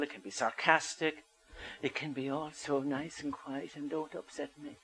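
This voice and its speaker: Older man, bright tone, storytelling public talk, asks the crowd questions. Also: medium pitch, low-quality recording. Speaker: speaker.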